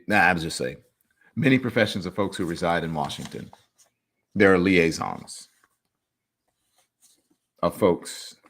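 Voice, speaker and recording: A man with a fairly low voice hosts a talk show livestream, reading viewer comments aloud. His delivery is animated and emphatic, sprinkled with playful, teasing remarks.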